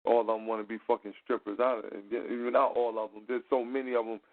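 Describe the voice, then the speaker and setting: A man tells a story for his talk show in loose, profane street slang and keeps it animated throughout. His voice sits at an everyday middle pitch. The sound is narrow and tinny, like a phone line. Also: brisk. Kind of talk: casual storytelling chat.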